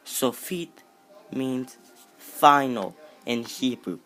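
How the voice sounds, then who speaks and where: A man giving an informal lesson on an alphabet, unhurried and self-correcting, with jokey asides. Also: mid-range voice, fairly bright tone, faint music behind. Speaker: amateur teacher.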